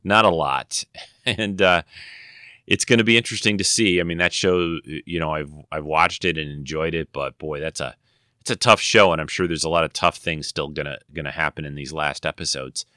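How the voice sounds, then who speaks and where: Man, podcast host, deep resonant voice, dry close sound, rambling with fillers. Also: fairly even intonation, normal speed, bright, forceful tone, clear, resonant tone, no echo. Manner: rambling, full of fillers and self-corrections. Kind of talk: casual chat.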